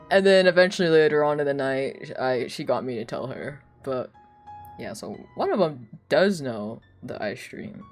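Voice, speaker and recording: A young woman streamer telling casual stories, animated and laughing often, with lots of "like.". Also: very deep voice, moderate pace, soft background music. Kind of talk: casual storytelling chat.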